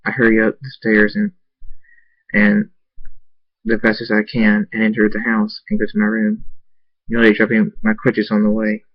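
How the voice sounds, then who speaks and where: A man earnestly narrating a first-person fan story, halting and restarting at times. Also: fairly low pitch, no room sound, dull audio. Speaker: amateur story reader.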